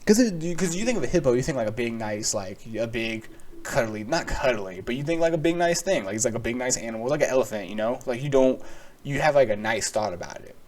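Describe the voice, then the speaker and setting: A man's voice: medium pitch, animated, fast talker, a little mellow. A young man from the United States hosting a solo podcast, rambling and sarcastic, swearing freely and laughing at his own jokes. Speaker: podcast host.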